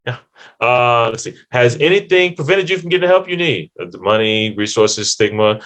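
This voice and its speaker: A man's voice: mid-range voice, expressive, moderate pace, a bit bright. A man giving a conversational lecture to counseling students, acting out short client and therapist exchanges. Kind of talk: lecture with acted client dialogues.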